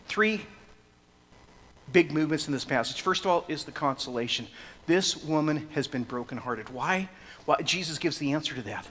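Guy preaching a sermon, higher voice, gets loud and emphatic then drops quiet, big echoey hall, faint hum behind. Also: lively intonation, brisk. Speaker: pastor. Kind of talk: expository sermon.

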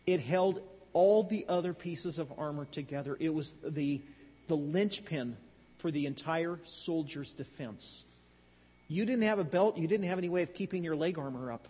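A man's voice: fairly high pitch, moderate pace, husky. A middle-aged man preaching a sermon, telling stories in a conversational way with dry humor. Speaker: pastor. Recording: dull lo-fi sound in a large hall.

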